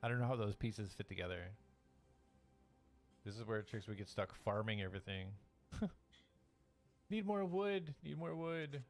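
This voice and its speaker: A man's voice: lowish voice, fairly bright tone. A man acting as game master and live-stream host, chatting casually and laughing often as he greets viewers.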